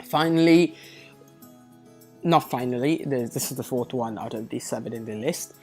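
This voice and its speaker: A woman with a very deep, slightly mellow voice speaks at a moderate pace over soft background music. As an SAT tutor giving an explanatory lesson, she methodically explains reading test concepts, occasionally correcting herself with a light, wry touch.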